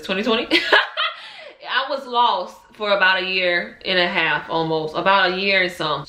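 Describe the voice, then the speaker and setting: A woman's voice: mid-range voice, sharp tone, roomy sound. A young adult woman, candidly telling an emotional personal story in a vlog. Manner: emotional, candid, Southern-tinged slang. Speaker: vlogger.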